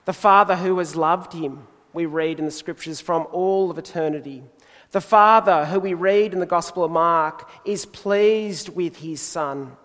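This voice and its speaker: A man preaching a sermon in a measured, deliberate way, pausing for emphasis. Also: fairly high pitch, a bit bright, big-room sound.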